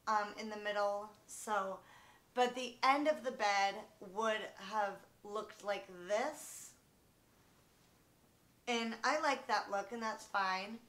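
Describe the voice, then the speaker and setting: A woman vlogger giving an unhurried, casual show-and-tell from her bedroom at home, with many ums and restarts. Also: mid-range voice, fairly bright tone, roomy sound.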